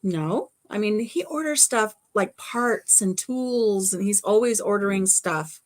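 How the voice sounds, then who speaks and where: A woman co-hosting a casual home livestream, chatting and telling stories with lively acted-out quotes. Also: medium pitch, a little slow. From Arkansas. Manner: chatty, animated, acts out quotes. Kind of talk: casual storytelling chat.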